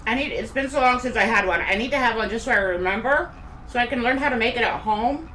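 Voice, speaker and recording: Live-streaming from her home, this middle-aged Kansas woman has a fairly high, bright, pushed voice and talks fast. She's chatty and rambling, eating as she goes, and the recording carries room echo plus a faint hum of background noise.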